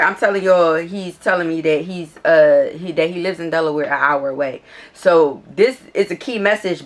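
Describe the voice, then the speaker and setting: A young woman, casually telling a storytime to her viewers at home, profane and animated, addressing them directly. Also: lowish voice. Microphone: iPad camera.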